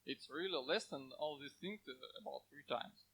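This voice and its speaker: Halting man fielding questions. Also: a little high, gravelly, a bit bright, breathy edge, low-quality recording. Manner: halting non-native English with many fillers. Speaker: game developer presenting. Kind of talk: conference Q&A answers. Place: conference hall.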